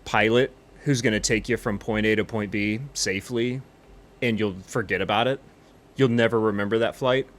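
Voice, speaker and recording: A man's voice: lowish voice, fairly even intonation, moderate pace. A man rambling through a cocky, boastful comedy monologue as a pilot character in a flight game.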